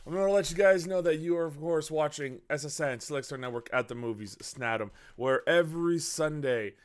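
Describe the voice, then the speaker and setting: A man's voice: fairly high pitch, fairly quick. A man hosting a casual movie podcast, loose and joking with swearing and laughing asides. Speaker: podcast host.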